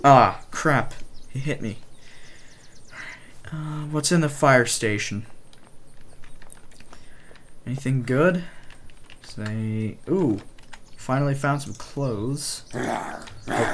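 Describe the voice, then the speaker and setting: A young man giving casual gameplay commentary, excitable, swearing mildly and sometimes dropping to a whisper. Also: medium pitch, drawn-out words, long pauses, a little hiss or hum.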